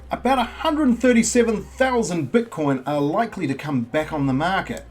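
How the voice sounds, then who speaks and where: A man's voice: sits high, a little mellow, husky. A man hosting a crypto channel, explaining in a chatty, casual way with rhetorical questions and jokey self-mocking asides.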